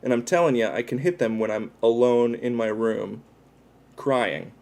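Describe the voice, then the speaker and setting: A man's voice: mid-range voice, normal speed, gravelly, darkish tone. A man chatting casually with his viewers on a livestream, rambling and self-deprecating as he talks while tattooing himself.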